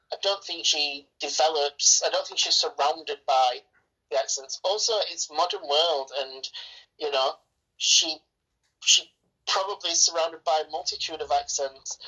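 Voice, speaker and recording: A woman's voice: sits low, normal speed, pushed and bright, breathy edge, poor audio. An Englishwoman chatting bluntly and enthusiastically about a film, swearing freely. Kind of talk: casual film review chat.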